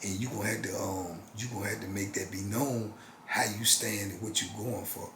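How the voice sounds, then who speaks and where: A man's voice: lowish voice, steady tone, fairly quick. An older man talking casually and emphatically in street slang, repeating phrases for rhythm, as the host of his channel. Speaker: channel host, former prisoner. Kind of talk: casual storytelling monologue. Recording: echoey room with faint noise.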